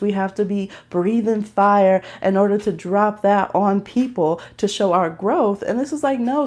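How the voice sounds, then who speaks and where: A woman's voice: mid-range voice, a little mellow. Woman, tarot reader, casual live stream, chatty, laughs often, talks to viewers.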